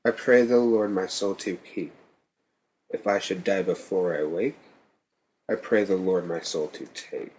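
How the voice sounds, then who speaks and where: A man's voice: low-pitched, unhurried, a little mellow, a little hiss or hum, rough recording. A man voicing a killer's eerie, murmured chant heard on a tape in a horror story.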